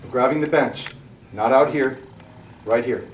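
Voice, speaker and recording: A man's voice: mid-range voice, a little slow, a little hiss or hum. A male fitness trainer giving a workout lesson, calling out short commands and counting reps aloud as he demonstrates. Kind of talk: workout instruction. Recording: echoey, distant, dull sound.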